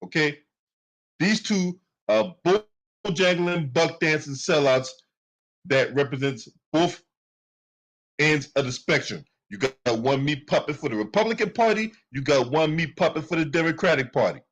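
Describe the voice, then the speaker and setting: Male commentary host, AAVE speech, heated profane rant, slightly higher-pitched voice. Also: moderate pace, a bit bright. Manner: heated, profane, repetitive ranting. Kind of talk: angry political commentary.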